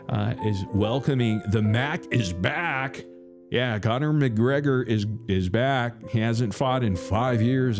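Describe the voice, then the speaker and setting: A man hosting a casual live stream, reading viewer comments aloud and teasing one chatter in a playful, crooning way. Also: fairly low pitch.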